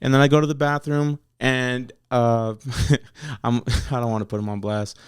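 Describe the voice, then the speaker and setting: A man in a casual interview, telling his story bluntly with plenty of swearing. His voice is smooth and clear, recorded close and dry with no room sound. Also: mid-range voice, flat delivery, moderate pace, no room sound. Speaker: battle rapper guest.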